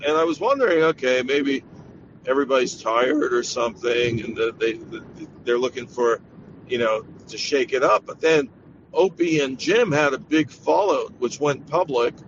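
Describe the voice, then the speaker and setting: A man guest in a casual podcast chat, telling stories in a measured way. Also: mid-range voice, animated, dull audio, background noise.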